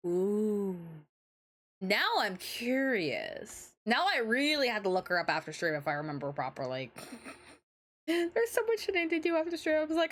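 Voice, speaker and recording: A young woman streaming a game, chatting casually in an excitable, giggly, swearing way, often over-the-top about what she reads. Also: on the high side, a little slow. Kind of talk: casual livestream chat.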